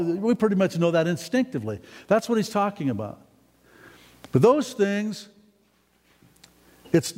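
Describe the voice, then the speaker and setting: A man preaching a sermon in a folksy, rambling way, often climbing to excited, emphatic peaks. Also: a little high. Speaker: pastor. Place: church sanctuary. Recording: long hall reverb in a church.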